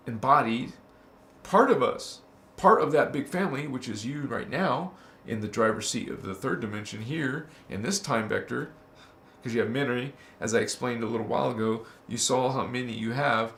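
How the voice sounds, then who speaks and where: A man giving an impassioned spiritual talk, casual and slangy, swearing and flaring up into loud outbursts. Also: medium pitch, normal speed, echoey room, slight background noise. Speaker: spiritual teacher.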